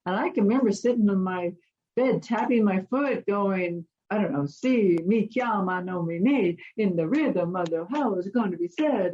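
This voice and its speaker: Lady guest telling stories all animated, does little voices, bit muffled lo-fi sound. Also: mid-range voice, husky. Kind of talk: storytelling in an interview.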